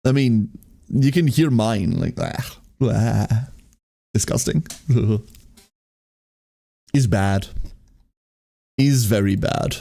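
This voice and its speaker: A man's voice: mid-range voice, dark tone. A man from Germany with a light German accent, casually chatting with his live-stream chat, laughing often and repeating his phrases.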